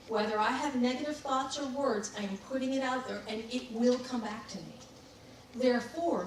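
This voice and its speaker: A woman giving a candid, reflective talk on personal growth, laughing at herself as she tells her own story. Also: a little high. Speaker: spiritual speaker. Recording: very echoey room, distant mic, faint noise.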